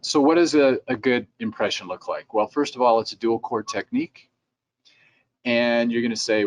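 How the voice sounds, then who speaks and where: A man's voice: mid-range voice, normal speed, a little hiss or hum. A middle-aged man giving a conversational instructional talk for dentists, sometimes acting out their replies in quotes. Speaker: dental lab president giving a training talk. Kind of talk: instructional presentation.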